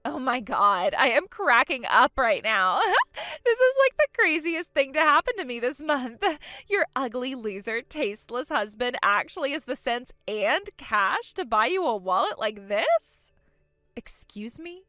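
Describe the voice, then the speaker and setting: A spoiled, vain younger sister, as a woman puts her on, taunting and giggling through every line. Her voice sits high and bright, swooping up and down, and it is close and dry. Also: very animated, measured pace, no echo, heavily acted. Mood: gloating. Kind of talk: acted story dialogue.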